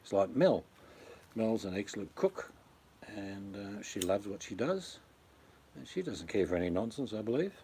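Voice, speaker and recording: Aussie bloke rambling on his stream, deep dark voice, bit of hiss behind. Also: big pitch swings, normal speed. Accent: Australian. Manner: rambling, blunt and chatty, addresses viewers by name. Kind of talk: casual chat.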